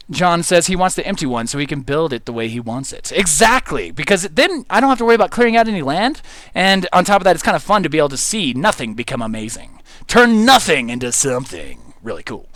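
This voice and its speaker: A man's voice: mid-range voice, a bit bright, no room sound. A man streaming a game live, thinking aloud in a rambling, giggly way, full of "like" and "um" as he reads his chat. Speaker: livestreamer reading chat. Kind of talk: casual gameplay livestream commentary.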